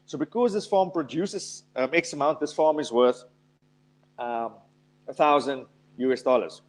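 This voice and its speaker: Speaking at a measured pace with a medium-pitched voice, a man delivers a motivational investing talk. He's emphatic, weaving in stories and acted-out quotes.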